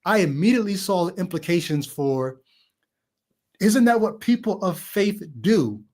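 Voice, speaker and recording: A man with a somewhat high voice hosts a relaxed film chat. He reflects out loud, circling back to the deeper implications of what he saw. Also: normal speed. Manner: reflective, thinks aloud about meanings. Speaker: podcast host. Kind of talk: casual film discussion.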